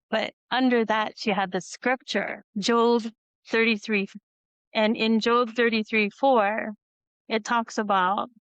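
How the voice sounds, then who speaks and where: A woman's voice: mid-range voice, fairly bright tone, smooth, no room sound, lo-fi sound. A woman hosting a video-call interview, telling a long personal story in a rambling, tearful way with frequent laughs. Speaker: host. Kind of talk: emotional conversational storytelling.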